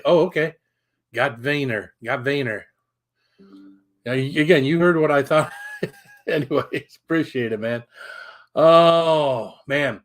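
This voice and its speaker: A middle-aged man hosting a casual live stream, telling a story in a rambling, chatty way, swearing now and then, and breaking off to greet viewers. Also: mid-range voice. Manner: colorful swearing. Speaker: livestream host.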